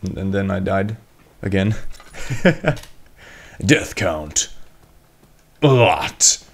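A man's voice: low voice, big pitch swings, extremely slow, creaky. A young man giving jokey gameplay commentary as a let's play host, bursting into yelps and swearing and teasing the game monsters. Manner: talks to game monsters in mock voices.

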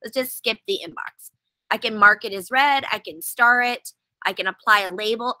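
A woman's voice: mid-range voice, normal speed, pushed and bright, dry recording, rough recording. A woman running a casual webinar, explaining step by step in a chatty, wry way while sitting outdoors.

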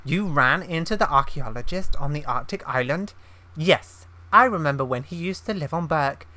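A woman's voice: low voice, expressive, moderate pace, pushed and bright, no echo. A woman reading aloud a wise male headmaster's lines from a game, in her own plain voice. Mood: calm.

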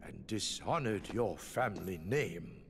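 A gravelly, grainy-voiced old emperor, calm and formal in a game cutscene. He speaks in a measured, ceremonious way, his pitch rising and falling with stately expression. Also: long reverb tail, a crowd in the background.

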